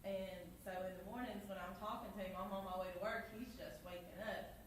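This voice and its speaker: A woman sharing brisk, cheerful reflections in a casual church class discussion. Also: mid-range voice, fairly even intonation. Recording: echoey room, distant mic, noisy.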